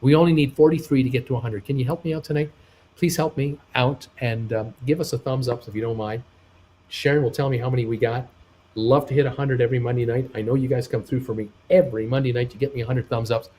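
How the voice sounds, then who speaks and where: A man hosts a live travel stream, reading viewers' chat comments aloud casually and hesitantly, full of fillers, then brightening when he asks for thumbs ups. His medium-pitched voice is mellow and fairly even in intonation, he talks fast, and there's a bit of hiss or hum.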